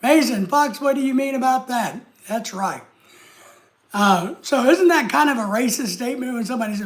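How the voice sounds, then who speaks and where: A man's voice: very high-pitched, animated, moderate pace. A man hosting a live stream, chatting casually and answering viewer comments in an easygoing way. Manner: easygoing, chatty, talks straight to the chat.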